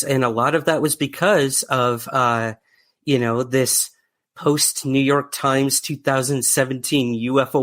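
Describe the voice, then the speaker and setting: A man's voice: mid-range voice, a bit bright. A man with a mid-range voice hosting a podcast interview. He asks his questions in a friendly way with plenty of ums and uhs, and reads out listener questions. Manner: friendly, filler-heavy questions. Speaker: podcast host.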